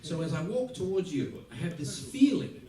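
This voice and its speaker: A man from Australia giving a music masterclass, playful and lively, acting out little scenes as he teaches. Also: high voice, normal speed, crowd noise. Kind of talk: masterclass talk. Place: large theater hall. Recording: roomy hall from a distance. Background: audience laughter.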